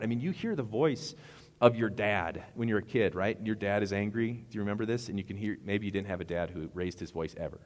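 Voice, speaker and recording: A man's voice: fairly low pitch, quick pace, in a large hall. A middle-aged man preaching a sermon as pastor, rambling and conversational with asides.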